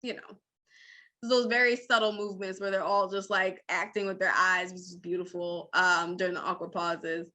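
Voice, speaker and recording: Bright, animated woman chatting casually. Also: lowish voice, moderate pace. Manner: animated, acts out movie lines, laughs often, swears. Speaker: co-host. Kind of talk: casual film review chat.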